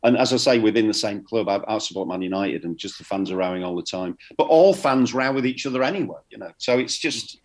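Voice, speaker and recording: A man's voice: lowish voice, animated, fast, few pauses. A man chatting casually as a comedian guest, rambling and repeating words, often laughing. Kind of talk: casual chat.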